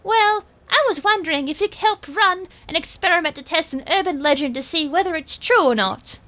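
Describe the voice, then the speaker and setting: A woman's voice: extremely high pitch, brisk, sharp tone, voice pushed up. A woman voicing an earnest young female occult club president who explains a legend eagerly.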